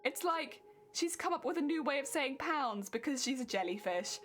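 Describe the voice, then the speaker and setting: A woman's voice: high-pitched, expressive, normal speed, fairly bright tone, slight background noise. A young British woman streamer chatting casually and giggling as she answers her viewers. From Britain. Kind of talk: casual chat with live chat.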